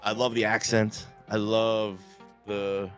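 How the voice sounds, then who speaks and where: A man's voice: fairly low pitch, little pitch movement, takes it slowly, a bit bright, soft background music. A married man, a podcast guest chatting bluntly and jokingly. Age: adult. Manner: blunt, jokey, emphatic. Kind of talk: casual chat.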